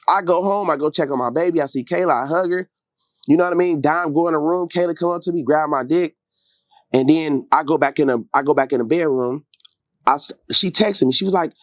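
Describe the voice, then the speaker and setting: A man as an interview guest, telling a story in slangy, animated talk and acting out quotes in high voices. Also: fairly quick, no echo. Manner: gets loud and heated late in the telling.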